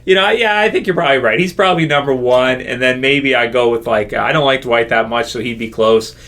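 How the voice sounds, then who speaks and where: A man answers viewer questions in a loose, rambling chat. His voice is bright and a little sharp, sitting in an ordinary middle pitch. He laughs easily between thoughts. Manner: rambling, chatty, quick to laugh. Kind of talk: casual Q&A chat.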